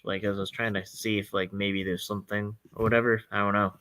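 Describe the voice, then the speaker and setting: A young man with a Massachusetts accent chats loosely on a podcast, wandering from tangent to tangent and breaking into laughter. His voice sits a little low. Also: fast, few pauses, smooth. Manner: rambling, laughs often, animated tangents. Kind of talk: casual chat.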